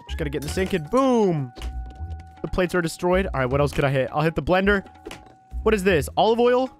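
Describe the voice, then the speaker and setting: A man doing a bratty, excitable baby boy. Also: high voice, fairly quick, pauses often, faint music behind. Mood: destructive. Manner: excitable, whiny, vengeful when upset. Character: bratty, excitable male baby, one year old. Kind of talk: gameplay role-play commentary.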